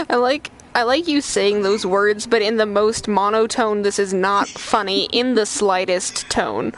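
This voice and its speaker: A woman's voice: medium pitch, measured pace, slight background noise. A woman streamer chatting casually and playfully while playing a game, often giggling. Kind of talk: casual gameplay chat.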